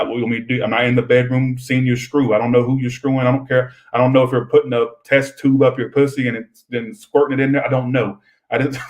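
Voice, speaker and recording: On a rough recording, a young tarot reader with a medium-pitched voice rambles through a live-stream reading. He's chatty, swears freely, and addresses his viewers directly.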